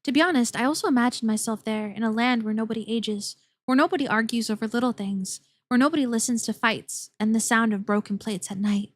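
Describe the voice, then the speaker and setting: A woman's voice: on the high side, brisk, hardly any pauses, no room sound. A woman streamer reading a game's story aloud, playful and giggly, swearing when startled.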